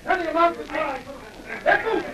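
An actor playing rough outlaws shouting to each other in a vintage radio drama. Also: male voice, very high voice, moderate pace. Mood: alarmed. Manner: yelling, alarmed. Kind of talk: 1940s radio acting. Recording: loud hiss, old radio recording.

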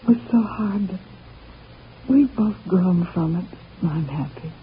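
An actress playing a devoted sweetheart who speaks softly and adoringly, in 1930s radio drama acting. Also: female voice, on the low side, a little slow, a little hiss or hum, lightly acted. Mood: tender. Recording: dull lo-fi old radio recording.

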